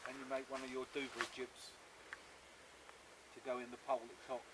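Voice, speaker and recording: A man's voice: mid-range voice, completely flat delivery, a little fast, background noise. A man chatting casually outdoors with a friend, chipping in short helpful remarks about the gear. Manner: brief, helpful interjections. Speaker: camping companion. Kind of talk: casual chat.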